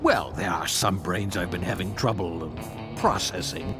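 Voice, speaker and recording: A pompous, fussy brain guardian. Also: male voice, low voice, lively intonation, measured pace, music in the background. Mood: sly. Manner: pompous, evasive, hinting slyly. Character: fussy middle-aged male brain-vault guardian.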